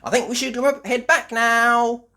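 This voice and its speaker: A woman voicing a cheerful female rabbit who drives a boat, in a bright, excited storybook read-aloud. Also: on the high side, unhurried, voice pushed up. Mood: cheery.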